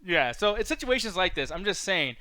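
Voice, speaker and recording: A man's voice: high voice, sing-song, brisk, pushed and bright, no room sound. A man co-hosting a podcast, chatting casually with a joking, profane manner. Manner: profane, joking, puts on silly voices. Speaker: podcast co-host. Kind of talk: casual banter.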